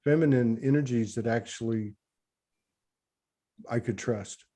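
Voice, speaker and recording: A man's voice: mid-range voice, unhurried, mellow. A man hosting an online spiritual talk livestream, speaking casually and emotionally, rambling with restarts as he greets a guest on a video call.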